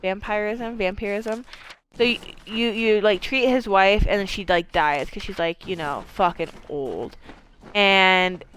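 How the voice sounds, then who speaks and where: A woman gives loose, chatty gameplay commentary as a streamer, wandering from one thought to the next. She swears freely and leans on plenty of fillers, with a voice of ordinary, middling pitch for a woman. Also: a little slow, a bit bright, slight background noise. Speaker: game streamer.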